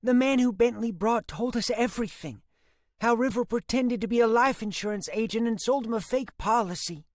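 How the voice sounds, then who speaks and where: A man narrating an audiobook, voicing a distraught middle-aged mother in a high, strained, pleading voice. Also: normal speed, no room sound, studio quality. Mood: distressed.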